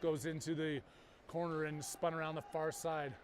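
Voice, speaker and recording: Male youth hockey commentator with a high voice, quick calls and playful asides. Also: level tone, a little hiss or hum. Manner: rapid play-by-play with jokey banter. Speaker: play-by-play commentator.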